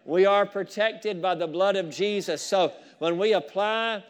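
High-voiced fervent male preacher. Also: measured pace, smooth. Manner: fervent preaching with rising shouts of praise and asides to the congregation. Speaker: pastor. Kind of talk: sermon.

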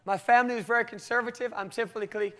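A British man delivers a sermon built around a personal story, his voice sitting very high for a man. He tells it in an animated way and laughs often as he goes. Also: racing. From Britain. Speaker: preacher.

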